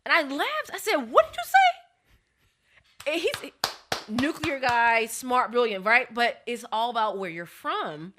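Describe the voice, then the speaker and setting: A woman's voice: fairly high pitch, sing-song, a little slow, noisy background. A woman in her thirties, a daughter co-hosting a podcast, chatting casually and telling stories expressively with laughter. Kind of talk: casual chat.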